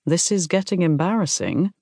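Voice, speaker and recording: A woman's voice: fairly low pitch, animated, normal speed, creaky, warm tone, dry recording, studio quality, pitched above the performer's own voice. A woman voicing a nervous, tender man in his forties who talks earnestly and apologetically. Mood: coaxing.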